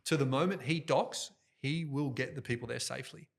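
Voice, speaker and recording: A middle-aged man, an event host telling his story as a guest in an animated podcast interview. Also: medium pitch, vocal fry. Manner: energetic, fast, jokey, talks with his hands toward the mic. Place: podcast studio. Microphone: directional studio microphone.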